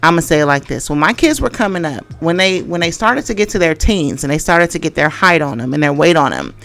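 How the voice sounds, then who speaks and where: A woman's voice: low voice, animated, a little fast, vocal fry, a bit bright, faint music behind. A middle-aged woman giving a casual tarot reading, rambling and hesitant, with many fillers and restarts. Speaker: tarot reader.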